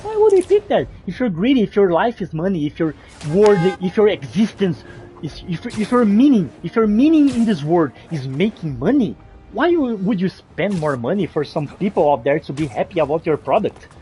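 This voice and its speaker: A man giving rambling, excitable gameplay commentary as a gaming channel host, often restarting his sentences. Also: high voice, normal speed.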